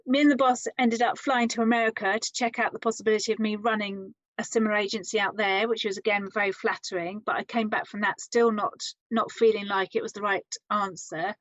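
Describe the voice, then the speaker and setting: A woman guest telling her story in an interview, lively and quoting others in acted voices. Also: fairly high pitch, no room sound. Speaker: interview guest, adventure psychologist. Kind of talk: conversational storytelling. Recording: slightly muffled, dry sound.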